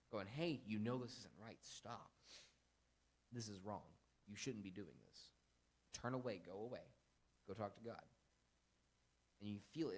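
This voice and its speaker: A young man in his twenties hosts a casual faith podcast in a lowish voice. He rambles in an animated way, telling stories and acting out quotes.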